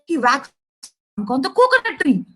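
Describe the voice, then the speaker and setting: A young Indian woman telling a children's story, animated and chatty, speaking straight to the kids listening. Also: sits high, moderate pace. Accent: Indian English. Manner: animated, addresses kids directly.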